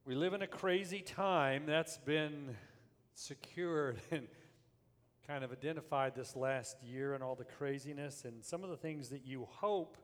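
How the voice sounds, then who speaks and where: An older man preaching a sermon, telling a family story and then building up to forceful preaching. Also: mid-range voice, measured pace, in a large hall. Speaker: pastor.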